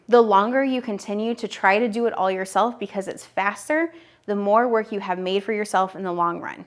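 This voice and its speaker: A woman's voice: medium pitch, brisk. A woman in her thirties teaching business owners directly to camera, upbeat and direct, talking straight to the viewer. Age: 30s. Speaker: online business educator.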